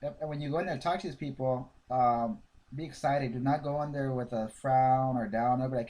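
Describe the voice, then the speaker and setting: A man giving casual sales coaching in an animated way, acting out pitch dialogues with prospects. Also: a little fast. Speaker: network marketing coach.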